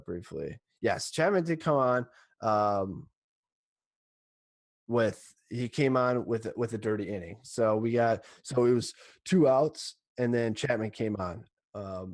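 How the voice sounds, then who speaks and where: A man co-hosting a sports podcast, rambling and excitable, restarting his sentences as he recaps a game. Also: fairly low pitch, no echo. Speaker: podcast co-host. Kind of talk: casual sports chat.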